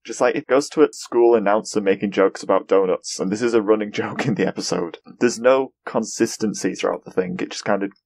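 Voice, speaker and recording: Low-voiced man chatting on a podcast. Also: creaky, darkish tone, breathy edge, dry recording. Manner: chatty, laughs often, mimics characters in quick asides. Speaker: podcast host. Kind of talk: casual podcast chat.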